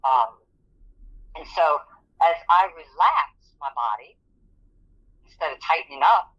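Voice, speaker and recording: A woman's voice: low voice, animated, unhurried, fairly bright tone, husky, muffled recording. A woman giving a personal testimony as an interview guest, telling her story earnestly and vividly. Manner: earnest, vivid storytelling that acts out quoted speech.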